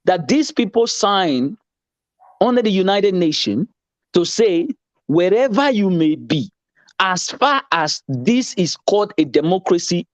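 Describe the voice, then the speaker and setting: A man's voice: high voice, no echo. A man arguing politics in a heated casual debate, insistent and lecturing, often repeating himself. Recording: dull lo-fi sound.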